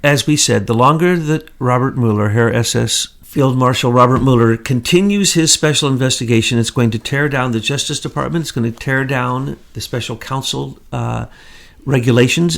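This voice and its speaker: An indignant man co-hosting a political talk show, his pitch sitting in an ordinary middle range. He fires off one rhetorical question after another in a heated, accusing commentary. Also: normal speed, gravelly, fairly bright tone. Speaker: co-host.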